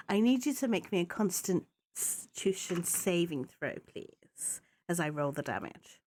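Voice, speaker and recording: A woman's voice: fairly low pitch, lively intonation, unhurried, few pauses, a little mellow. A woman running a tabletop game as game master, chatty and loose, with lots of fillers. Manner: chatty, loose, often laughing, filler-heavy.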